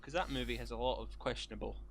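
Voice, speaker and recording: A young man with a mid-pitched voice leads a casual podcast chat. He quizzes his co-host, cracks jokes and restarts his sentences as he goes. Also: fairly even intonation, vocal fry, a little hiss or hum. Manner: quizzing, joking, halting restarts.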